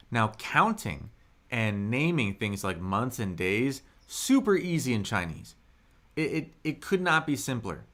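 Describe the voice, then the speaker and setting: An upbeat young man hosts a live online language lesson in a mid-range voice. He reads viewers' comments aloud and slows down to model each word clearly and loudly for them to copy. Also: mid-range voice, very animated. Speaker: Mandarin teacher on a livestream.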